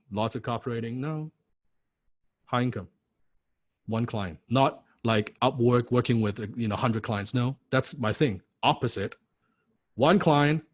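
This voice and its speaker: A man teaching a recorded course lecture in a punchy, blunt way, firing rhetorical questions and checking "right?" after each point. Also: medium pitch. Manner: blunt, occasionally swears for emphasis. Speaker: course instructor.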